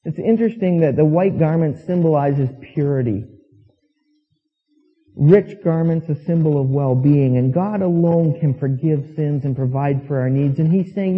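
Husky pastor preaching in a tinny hall. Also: male voice, on the high side, normal speed. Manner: storytelling with quoted voices, emphatic. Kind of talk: sermon. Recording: tinny phone-like sound with long reverb.

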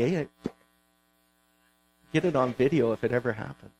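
A man's voice: mid-range voice, normal speed, darkish tone, slightly rough, dry recording, low-quality recording. A man preaching a sermon as pastor, earnest and pleading, repeating words as he builds his points.

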